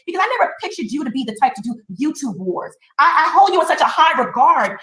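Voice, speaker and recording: Fast, high-pitched shaky woman in an echoey room. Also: lively intonation, a bit bright. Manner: pleading, emotional, rapid. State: shaky, recovering from laryngitis. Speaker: show host. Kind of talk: heated live-stream argument.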